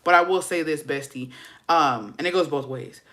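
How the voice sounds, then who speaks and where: A woman vlogger telling a story in casual chat, profane, gossipy and animated. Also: low voice, moderate pace.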